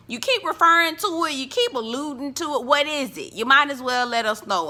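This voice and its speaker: High, animated woman gossiping about TV. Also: moderate pace. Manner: animated, gossipy and sassy, laughs often. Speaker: TV reviewer. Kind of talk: casual reality-show recap.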